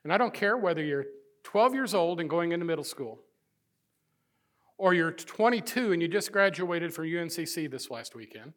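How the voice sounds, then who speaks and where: A middle-aged man preaching a sermon as pastor, swinging between loud emphasis and hushed, intimate passages. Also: a little high.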